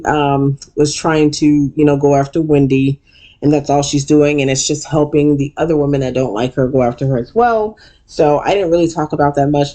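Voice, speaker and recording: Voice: medium pitch, warm tone. A vlog host giving a blunt, profane, gossipy recap of a reality TV episode.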